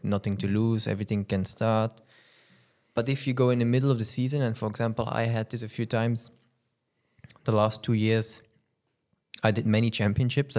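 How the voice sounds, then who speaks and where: A man's voice: lowish voice, a little mellow. A racing driver chatting casually on a podcast, often stumbling over his words and laughing. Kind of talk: casual chat.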